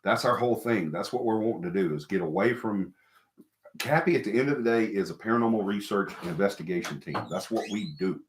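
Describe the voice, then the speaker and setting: Guy, middle-aged, real low voice, rambly and emphatic, livestream chat. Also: fast. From American South. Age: middle-aged or older. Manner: rambling, repeats himself, emphatic. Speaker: host of a paranormal live stream. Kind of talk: casual live-stream chat with viewers. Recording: echoey room.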